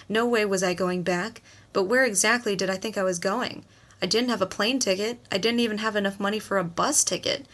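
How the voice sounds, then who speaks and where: Bright-voiced woman narrating an audiobook. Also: medium pitch, steady tone, normal speed. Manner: reads dialogue with voiced characters, louder in tense scenes. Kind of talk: scripted narration.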